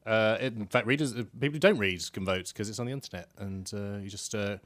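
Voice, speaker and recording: A man's voice: fairly low pitch, quick pace, a bit bright, dry recording. A man co-hosting a casual tech podcast, wry and skeptical, rambling a little. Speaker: podcast co-host.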